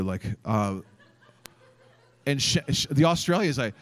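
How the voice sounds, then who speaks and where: A man preaching a sermon as a pastor, telling a story in an animated way, acting out quotes and using many fillers. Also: mid-range voice, normal speed, pauses often, clear, resonant tone. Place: church event stage.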